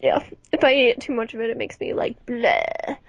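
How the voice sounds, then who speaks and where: A woman's voice: on the high side, steady tone, moderate pace, dry recording. A young woman co-hosting a podcast in casual chat, giggly and self-mocking, on a dull lo-fi recording. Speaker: podcast co-host.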